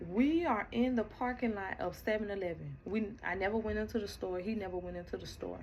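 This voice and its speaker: A woman casually telling a personal story straight to her listeners, animated, acting out the quoted lines and often repeating words as she goes. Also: mid-range voice, slight background noise. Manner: talks straight to the audience, repeats and restarts words.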